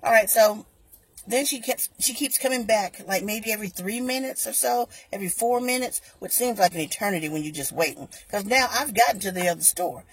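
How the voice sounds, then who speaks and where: A woman with a very husky, breathy voice and a gravelly creak tells a storytime vlog. She is animated, switching between herself and the reps as she acts out each exchange. Her pitch sits in an ordinary middle range. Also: a little fast, no echo. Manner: animated, acts out both sides of conversations. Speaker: YouTuber telling a customer service story. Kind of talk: storytime vlog, recounting an argument.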